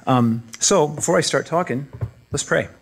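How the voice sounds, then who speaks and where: A middle-aged man pastor speaking in a church, conversational and self-deprecating, with halting restarts. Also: fairly high pitch, vocal fry. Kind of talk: casual sermon talk.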